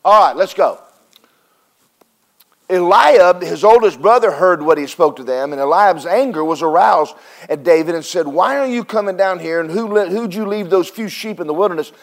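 A man preaching a sermon to a responding congregation, animated, with acted Bible voices and call-and-response. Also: sits high, moderate pace. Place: church service with congregation responding.

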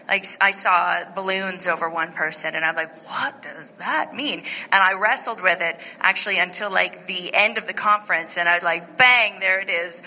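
Bright-voiced woman pastor preaching in a hall. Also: mid-range voice, a little hiss or hum. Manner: chatty, animated storytelling with many fillers and restarts. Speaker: lead pastor. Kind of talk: informal sermon testimony. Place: church sanctuary.

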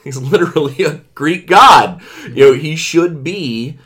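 A man co-hosting a casual film review chat, animated and opinionated, swearing freely and restarting sentences. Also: a little high, unhurried. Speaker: podcast co-host.

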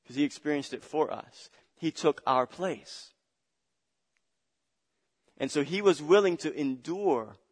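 A male pastor preaching a sermon, building with passion, repeating phrases and calling on the congregation to answer. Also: fairly high pitch. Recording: long hall reverb.

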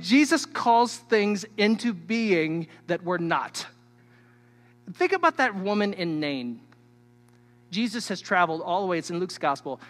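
High-voiced preacher in a reverberant hall. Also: male voice. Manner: emphatic, swings between loud and hushed; teacherly, addresses the listeners directly. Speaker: pastor. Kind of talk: sermon.

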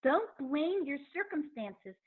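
A woman teaching a Torah lecture, animated and acting out the quotes she cites. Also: high voice, slow pace. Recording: thin phone-like line.

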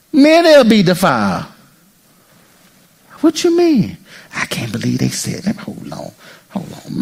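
A male pastor preaching an animated sermon, joking with the congregation and acting out people's inner voices. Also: on the high side. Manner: jokes and teases the congregation.

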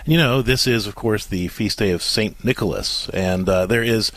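A man's voice: on the low side, normal speed, fairly bright tone, no echo. A man hosting a call-in radio advice show, speaking conversationally and sometimes searching for words. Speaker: radio host.

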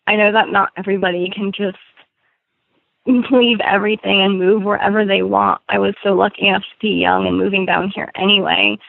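Brief: young woman in her twenties, short of breath, gravelly fry, dull lo-fi sound. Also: medium pitch, no echo. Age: 20s. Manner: chatty, laughs often, restarts. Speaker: guest author. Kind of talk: casual podcast interview. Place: home in Florida. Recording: dull lo-fi audio.

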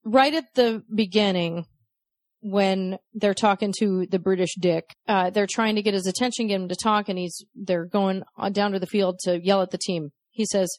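A woman co-hosting a podcast, chatting casually about a film, frank and quick to laugh and swear. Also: medium pitch, fairly even intonation, dry recording, clean studio sound. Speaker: podcast co-host. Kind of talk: casual chat reviewing a film.

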